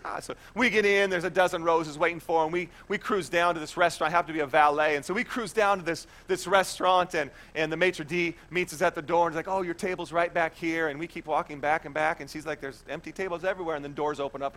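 A man in his thirties preaching a sermon, telling a personal story in a chatty, animated way with many restarts. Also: on the high side, quick pace, few pauses. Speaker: pastor.

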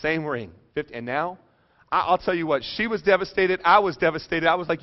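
A middle-aged man preaching a sermon, telling a personal story with jokes and dropping soft and low for serious moments. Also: fairly quick. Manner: animated, joking, drops soft and low for emotional parts. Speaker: pastor. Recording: dull lo-fi sound.

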